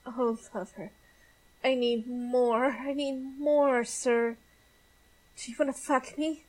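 A woman playing a high, breathy, pleading elf. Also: steady tone, slow pace, low-quality recording.

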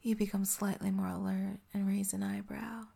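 A woman narrating a whispered role-play in a soft, slow, intimate whisper, close to the mic. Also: medium pitch, level tone, gravelly, husky.

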